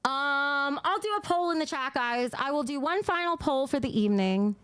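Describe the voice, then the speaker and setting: A woman's voice: high voice, expressive, normal speed, a bit bright, no room sound. A woman with a New Jersey accent hosting a casual livestream, blunt and profane at times and gushing over viewers' donations. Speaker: livestream host.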